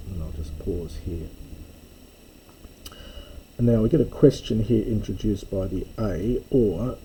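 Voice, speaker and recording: Husky guy going through a text word by word, super slow, dark mellow tone. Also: fairly low pitch, rough recording. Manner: unhurried, explaining word by word with fillers. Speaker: Greek teacher. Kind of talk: slow reading lesson.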